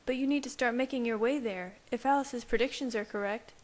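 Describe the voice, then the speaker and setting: Brief: woman reader doing a steady young man, lower and softer than her narration. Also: a little fast, natural voice. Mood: calm. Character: young man, calm and matter-of-fact.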